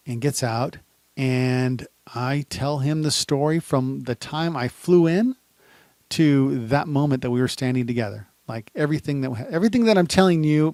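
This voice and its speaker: A man, a private investigator, telling a story in a lively, dramatic way and acting out the shouted lines in a high voice. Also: no room sound. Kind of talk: animated storytelling, reenacting events. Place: indoors, standing.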